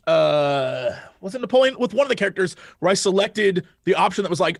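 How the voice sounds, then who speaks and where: A man with a notably high voice chats about games on a podcast. He is excitable and swears a lot, and he slips into acted-out dialogue as he talks. The sound is close and dry. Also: fast, hardly any pauses, dry recording. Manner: excitable, profane, acts out dialogue. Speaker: podcast guest. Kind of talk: casual chat about games.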